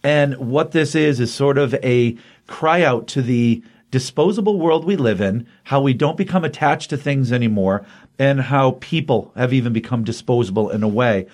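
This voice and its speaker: A man's voice: medium pitch, moderate pace, darkish tone. A man casually recapping a comic book issue, chatty and rambling, often acting out the characters' lines. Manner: chatty, rambling, acts out quotes.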